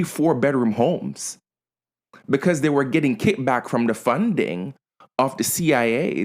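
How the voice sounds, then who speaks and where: A man co-hosting a casual podcast, telling a story with many restarts and fillers. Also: medium pitch. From Canada. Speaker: podcast co-host.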